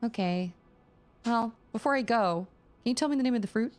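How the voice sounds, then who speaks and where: A woman's voice: on the high side, fairly quick, pitched above the performer's own voice, close to an everyday voice. A woman voicing a cheerful, stubborn male turtle who keeps pushing his little song. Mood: chirpy. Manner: sing-song, chirpy and persistent.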